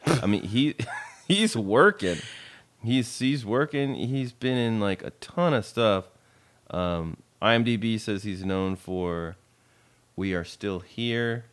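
A man co-hosting a casual movie recap podcast, joking and slipping into quick character voices. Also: low-pitched, clear, resonant tone. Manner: animated, jokey, does quick voices of characters. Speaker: podcast co-host.

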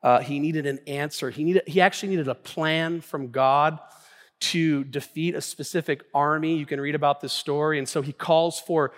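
High-voiced pastor preaching in a hall. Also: male voice, moderate pace. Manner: energetic, conversational preaching with frequent restarts. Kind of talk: sermon. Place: church sanctuary. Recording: long church hall reverb.

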